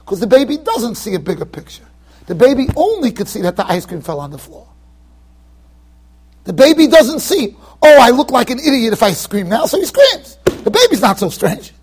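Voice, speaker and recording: A man with a Yeshivish American accent giving a lively Torah lecture in a yeshiva study hall, acting out his examples with sudden shouts. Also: very high voice, slightly rough. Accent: American Orthodox Jewish, Yeshivish. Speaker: rabbi giving a Torah class.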